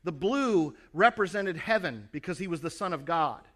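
A man's voice: fairly high pitch, animated, normal speed, fairly bright tone. Earnest male preacher telling a story. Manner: earnest storytelling, addressing listeners directly. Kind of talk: sermon.

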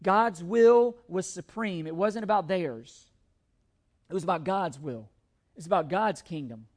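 A man's voice: high-pitched, unhurried, darkish tone. Earnest man preaching a sermon. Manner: earnest, emphatic, often restarts and repeats words; reads scripture aloud between comments.

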